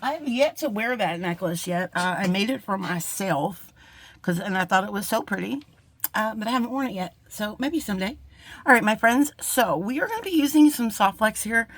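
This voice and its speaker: A woman's voice: medium pitch, expressive, normal speed, dry recording. Woman, casual crafting tutorial host, chatty, rambling, self-deprecating, dry close sound. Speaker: jewelry-making channel host. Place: home craft desk with a cat around.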